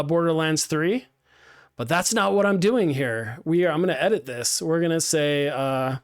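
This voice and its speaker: A man teaching a game streaming class live, walking through software setup in a casual, upbeat way with many ums and restarts. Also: fairly high pitch, clear, resonant tone.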